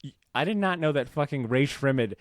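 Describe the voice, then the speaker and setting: A man co-hosting a comics podcast, talking in a rambling, animated way with lots of fillers and casual swearing. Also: mid-range voice, a little fast, a little hiss or hum. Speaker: podcast co-host. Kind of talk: casual chat about comics.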